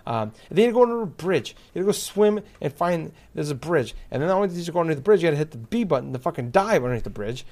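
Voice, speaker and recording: A man's voice: on the high side, big pitch swings, fast talker, hardly any pauses, a little mellow. A man in casual chat, ranting with exasperation and heavy swearing, full of fillers.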